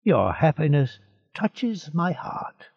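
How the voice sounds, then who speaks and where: A man voicing a frail, sad old male prisoner who speaks in a measured, instructive way, on a slightly muffled recording. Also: a little high, big pitch swings, gravelly, slightly rough, in a large hall, voice pushed up, exaggerated voice. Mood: calm.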